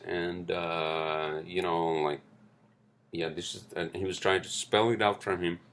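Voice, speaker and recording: A man's voice: low voice, creaky, fairly bright tone. A New man hosting a casual solo podcast, rambling with lots of fillers, frequent swearing and "right?" tags. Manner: rambling, swears often, many fillers and tag questions. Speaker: podcast host.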